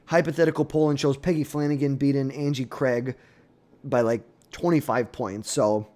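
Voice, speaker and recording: A man's voice: mid-range voice, steady tone, normal speed, dark tone. A young man giving blunt, opinionated political commentary in a casual, off-the-cuff way, often trailing off and restarting.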